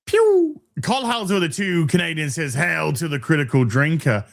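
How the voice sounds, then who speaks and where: A man with a lively, bouncing voice reads out viewer donations on a casual talk show. He laughs often and swears freely, and his pitch sits a touch higher than most men's. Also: brisk, vocal fry. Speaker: podcast co-host reading superchats. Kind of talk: casual chat.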